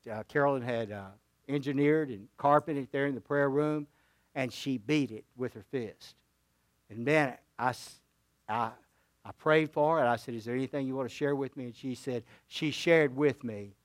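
Older male pastor, slightly high voice, dry close mic, earnest sermon storytelling. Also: no echo. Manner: earnest storytelling, emphatic then hushed.

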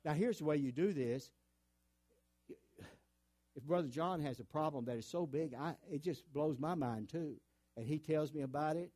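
Mellow-voiced man preaching earnestly. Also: mid-range voice, no room sound. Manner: earnest, conversational preaching with repeated restarts. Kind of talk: sermon.

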